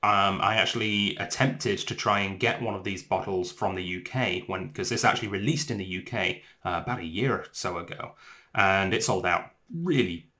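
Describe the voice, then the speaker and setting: A man with an English accent, hosting a casual whisky tasting vlog in an excitable, enthusiastic way. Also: low voice, normal speed. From England. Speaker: whisky reviewer.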